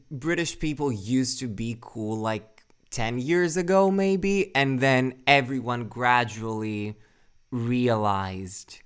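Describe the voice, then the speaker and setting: Young male streamer, casual and rambling, smooth resonant voice, salty and self-mocking. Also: mid-range voice, a bit bright. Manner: rambling, swears a lot, answers chat; self-deprecating, laughs often. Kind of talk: casual live-stream chat.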